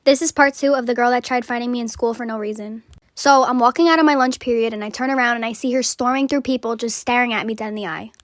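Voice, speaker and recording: A woman's voice: on the high side, fast talker, dry recording, clean studio sound. A young woman telling her own story in a chatty, casual way, full of "like" and swearing.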